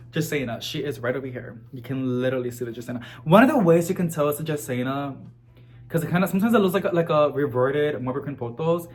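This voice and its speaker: A man vlogging about houseplants in a chatty, animated way, full of casual fillers. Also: on the high side. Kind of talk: casual chat to camera.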